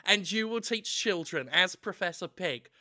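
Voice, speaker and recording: A man riffing in improvised comedy banter, loud and excitable, breaking into shouted bits. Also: sits high, moderate pace.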